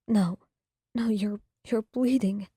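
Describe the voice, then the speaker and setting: A woman playing a panicked young man in tears, stammering out frantic words in a breathy whispered role-play. The delivery stays slow and close. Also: medium pitch, steady tone, dark tone, no echo.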